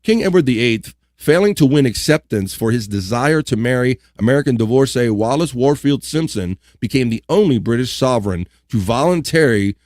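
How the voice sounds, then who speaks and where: A man hosts a live online talk show at a mid pitch. He reads out on-this-day history items and drops relaxed, joking asides between them. The sound is dry and close. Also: normal speed, hardly any pauses, no echo. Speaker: livestream host. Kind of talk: casual chat reading on-this-day history.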